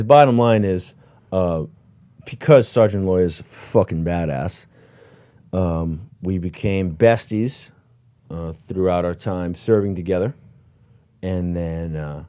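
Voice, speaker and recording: Low-voiced guy, ex lieutenant, swearing and laughing through war stories, dry close sound. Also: dark tone, no echo. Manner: profane, laughing, repeats words. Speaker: host, former platoon lieutenant. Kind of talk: casual war storytelling.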